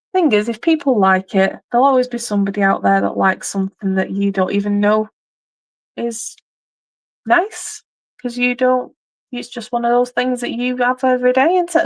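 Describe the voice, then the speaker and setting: A woman's voice: a little high, moderate pace, dry recording, low-quality recording. A woman in her thirties with a mixed English accent, chatting casually on a live stream and rambling with many ums and restarts. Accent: English, mixed regional. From England.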